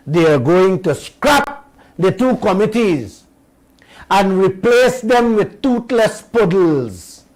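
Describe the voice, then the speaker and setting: Addressing his listeners directly, this Guyanese-accented radio host delivers political commentary slowly and with emphasis. He has a high, slightly mellow voice, captured on poor audio.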